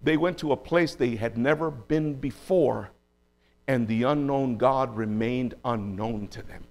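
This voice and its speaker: A man preaching a sermon as pastor, moving from low, quiet asides to raised, pleading cries. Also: unhurried.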